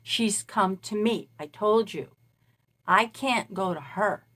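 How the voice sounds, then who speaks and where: A woman's voice: medium pitch, slow, fairly bright tone. A woman who calls herself a spirit medium, talking casually in a meandering monologue and recounting events at length. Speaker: self-described spirit medium.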